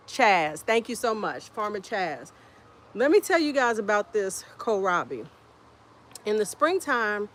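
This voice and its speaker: A woman hosting a casual homestead live stream outdoors, chatting in an unhurried way and greeting viewers by name. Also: medium pitch, fairly bright tone. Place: outdoors in a windy garden. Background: faint wind and outdoor ambience.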